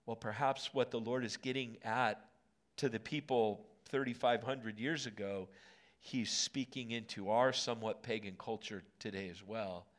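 A male pastor preaching a sermon in a church auditorium, moving from hushed lines to emphatic ones. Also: lowish voice, steady tone, moderate pace.

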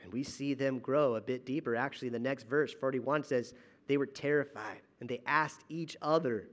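A man pastor preaching a sermon in a church auditorium, dramatic, swinging between loud emphasis and hushed asides. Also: mid-range voice, normal speed.

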